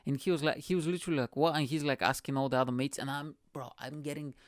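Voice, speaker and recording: A man's voice: a little high, fairly even intonation, fast, dry recording, clean studio sound. A man, a podcast host, telling a long casual story in English, swearing freely and laughing often. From Bulgaria. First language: Bulgarian.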